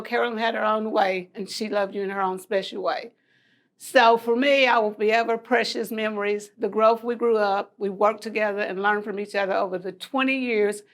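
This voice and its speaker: A woman giving an earnest, personal tribute speech at a memorial event. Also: a little high. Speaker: tribute speaker.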